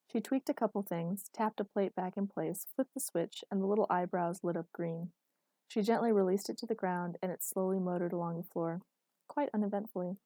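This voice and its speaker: A woman narrating a story in an even, measured reading voice. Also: medium pitch, no echo.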